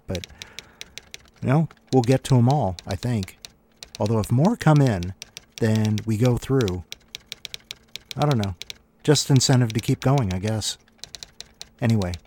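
Offhand man with a mellow voice. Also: medium pitch, slight background noise. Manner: rambling, offhand. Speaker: podcast host. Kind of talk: casual chat.

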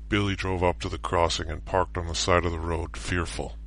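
A man with a very low voice reads a story aloud. His delivery is steady and even, like a storyteller's. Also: brisk, hardly any pauses. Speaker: story contributor. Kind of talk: read-aloud story narration.

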